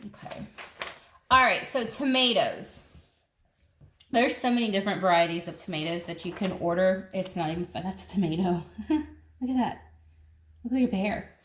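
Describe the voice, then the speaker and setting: A woman's voice: medium pitch, normal speed, fairly bright tone. Lady gardener gushing over a seed catalog, casual vlog talk, kinda echoey room. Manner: chatty, enthusiastic, thinks aloud with fillers. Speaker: gardening vlogger. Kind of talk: casual catalog flip-through. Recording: echoey room with faint noise.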